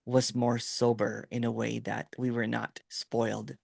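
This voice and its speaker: A man's voice: mid-range voice, completely flat delivery, unhurried, vocal fry, a little mellow, breathy edge, no echo. A middle-aged man from the Philippines with a Filipino accent, rambling through a story in casual video-call chat with lots of fillers and "right?". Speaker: host.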